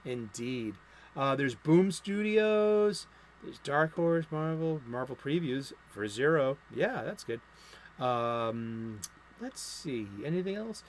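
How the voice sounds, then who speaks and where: This American host talks slowly and expressively in a mid-range voice, with a little hiss or hum in the recording. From his home studio he runs a casual comic book stream, rambling about new releases and breaking into profane, angry rants.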